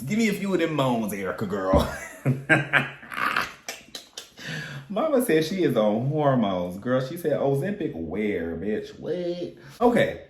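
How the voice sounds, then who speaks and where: A campy man talking fast and loose about a reality show, all sass and swearing. His voice sits in the middle for a man, and it jumps high for emphasis. The recording has a roomy echo to it. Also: a little mellow. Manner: sassy, campy and profane, with big swoops in pitch. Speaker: reality TV recap vlogger. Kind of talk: casual commentary. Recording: echoey room.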